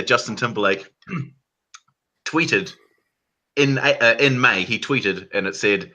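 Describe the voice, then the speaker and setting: A man's voice: mid-range voice, slow, long pauses, bright, forceful tone, rough recording. A man hosting a casual group chat, rambling through a story with frequent laughter. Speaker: host.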